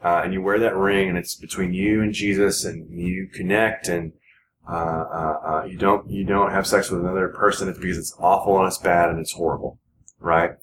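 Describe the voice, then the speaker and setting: A man in his forties, a podcast guest, talking earnestly in a rambling, halting way full of restarts. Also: deep voice, little pitch movement. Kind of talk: casual podcast conversation. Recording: echoey room with noticeable background noise.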